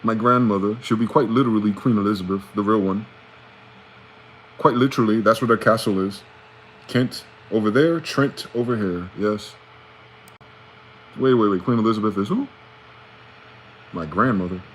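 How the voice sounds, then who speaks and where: A man talking in a rambling, profane late-night monologue, swinging from loud outbursts to low muttering. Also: normal speed, pauses often, reverberant, a little hiss or hum. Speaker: vlogger.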